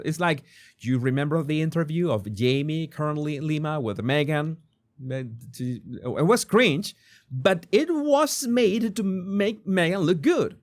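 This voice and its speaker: A man with a Spanish accent, a native Spanish speaker, hosting a commentary channel in a casual, animated way, often stammering and repeating words. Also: on the high side.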